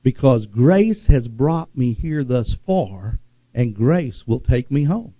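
A man preaching a sermon in a dark, mellow voice, with dramatic pauses and words drawn out for emphasis. The recording is dry and a little dull, as if lo-fi. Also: mid-range voice, big pitch swings, dry recording. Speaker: pastor.

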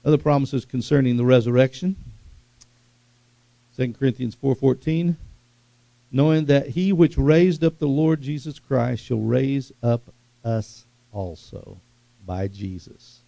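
Gravelly-voiced fervent male preacher. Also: mid-range voice, a little slow, pauses often, no room sound, dull audio. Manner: fervent, animated preaching with sudden loud bursts. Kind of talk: sermon.

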